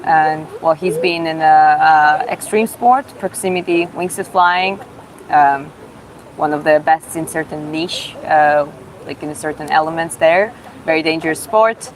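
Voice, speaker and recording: A woman with a Georgian accent and a slightly low voice runs a casual live Q&A. She reads viewers' questions aloud and answers in halting, self-taught English. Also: a little hiss or hum, rough recording. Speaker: livestreamer answering chat questions.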